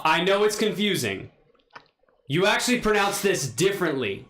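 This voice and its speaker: A man co-hosting a casual chat, playful and teasing, swinging between loud and mumbled. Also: high-pitched, very animated, normal speed, roomy sound, a little hiss or hum. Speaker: podcast co-host.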